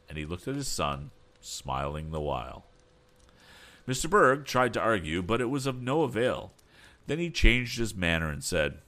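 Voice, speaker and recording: A man narrating an audiobook in a steady, expressive storytelling manner. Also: low-pitched, normal speed. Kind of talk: scripted narration.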